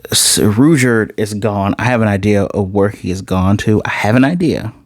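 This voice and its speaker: A man casually recapping and reviewing an anime episode, animated, slipping into quoted dialogue as he retells scenes. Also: fairly low pitch, moderate pace, no echo, studio quality.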